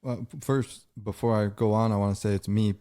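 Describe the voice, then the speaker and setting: A man who founded a nonprofit, answering as a podcast guest in a measured, modest way. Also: lowish voice, level tone, mellow, smooth. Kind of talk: interview answer.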